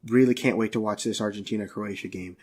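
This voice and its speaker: A man's voice: lowish voice, fairly even intonation, quick pace, a little mellow, slightly rough. A man co-hosting a casual podcast, ranting in an exasperated, profane way. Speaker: podcast co-host.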